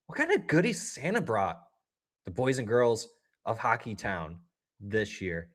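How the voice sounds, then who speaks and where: A man's voice: mid-range voice, big pitch swings, moderate pace, long pauses, a bit bright. A man hosting a livestream, giving casual play-by-play reactions and talking straight to his chat viewers in a chatty, upbeat way. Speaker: livestream host. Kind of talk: casual live game watch-along commentary.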